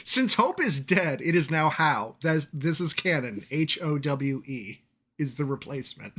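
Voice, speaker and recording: A man runs a tabletop game as game master, his voice bright and a touch high. He narrates in a chatty way, often breaking into laughter. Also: expressive, a little slow.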